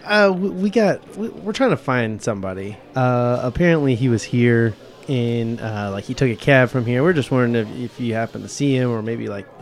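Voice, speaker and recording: A man's voice: medium pitch, lively intonation, normal speed, few pauses. A man playing a character in a tabletop game, talking in a rambling, hesitant way. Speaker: player.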